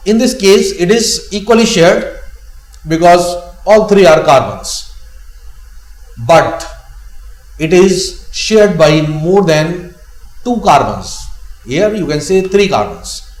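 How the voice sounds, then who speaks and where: Man, Indian English accent, chemistry lecture, slow delivery, repeats himself, slightly high voice, echoey room. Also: animated. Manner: slow, repeats key phrases. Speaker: chemistry teacher. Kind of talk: classroom lecture.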